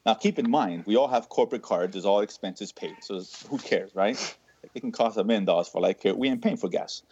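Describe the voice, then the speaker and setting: A man on a podcast telling a funny story in casual chat, animated and saying "dude" all the time. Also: lowish voice, brisk, breathy edge. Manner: animated, says "dude" constantly. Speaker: podcast co-host. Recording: slightly muffled dry sound.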